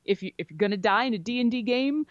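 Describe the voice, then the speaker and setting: A woman guest on a podcast, chatty and animated as she tells a story about a game. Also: a little high, fast. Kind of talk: casual storytelling interview. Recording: dry, slightly dull lo-fi sound.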